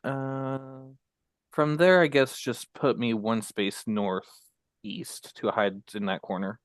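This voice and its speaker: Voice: mid-range voice, fairly even intonation, slow pace, no room sound. Tabletop player, hesitant questions, dry close sound. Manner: hesitant, asking rules questions. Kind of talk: tabletop game play.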